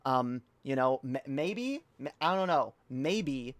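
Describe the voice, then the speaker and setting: A woman's voice: extremely low pitch, animated, takes it slowly, no room sound. A woman streaming a reaction video, ranting heatedly and profanely with frequent restarts. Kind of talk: livestream rant.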